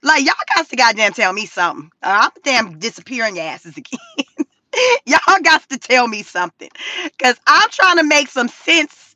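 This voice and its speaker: A woman talking casually on a livestream, profane and animated, laughing often. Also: fairly high pitch, normal speed, no echo. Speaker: YouTube commentary creator.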